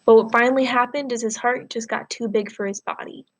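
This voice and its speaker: A teacher reading aloud as a gentle, weary doctor. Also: female voice, a little high, fairly even intonation, fairly quick, natural voice. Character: kind tired female doctor, gentle.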